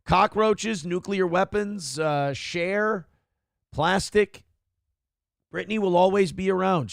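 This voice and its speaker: A man's voice: on the high side, vocal fry, no echo. A male morning show host giving comedic, ranting commentary, sarcastic and profane as he mocks celebrities, on a close mic.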